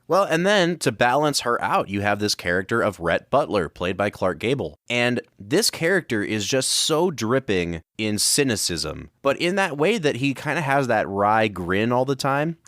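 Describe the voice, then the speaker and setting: A man's voice: mid-range voice, sing-song, moderate pace, hardly any pauses, fairly bright tone, no room sound, studio quality. A man co-hosting a film podcast, talking through his analysis in a thoughtful, casual way. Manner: thoughtful, analytical, building arguments. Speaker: podcast co-host.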